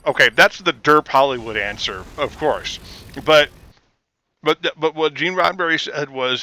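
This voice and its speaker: A man chatting casually on a live stream, rambling with fillers and getting animated when he rants. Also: fairly high pitch, moderate pace.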